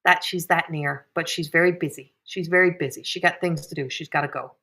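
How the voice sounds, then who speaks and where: A woman in her thirties, a psychic medium hosting a live stream, talking softly and emotionally with sighs and pauses. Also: deep voice, steady tone. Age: 30s. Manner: soft, emotional, tearful at times, frequent sighs. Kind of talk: live-streamed reading, casual chat.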